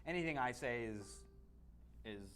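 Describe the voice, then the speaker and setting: A man's voice: medium pitch, expressive, measured pace, a bit bright, slight background noise. A man co-hosting a sports webcast, giving blunt opinions on football in casual talk that is full of restarts. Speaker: sports analyst co-host.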